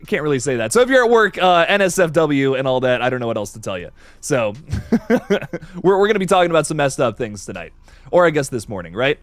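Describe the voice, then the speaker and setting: A man hosting a live horror-movie stream, excitable, laughing often and reading viewer comments aloud. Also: mid-range voice, no echo. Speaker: livestream host.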